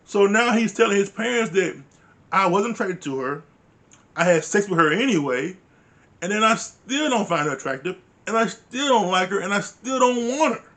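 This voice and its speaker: High-voiced man ranting bluntly. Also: lively intonation, normal speed, a bit bright. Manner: blunt, profane, exasperated ranting; uses informal dialect grammar. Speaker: reality TV reviewer. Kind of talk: casual recap commentary.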